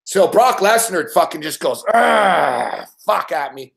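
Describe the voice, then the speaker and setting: A man's voice: fairly high pitch, animated, moderate pace. A man telling a rambling story in casual chat, swearing constantly and acting out growls and laughs. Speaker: show regular telling a story.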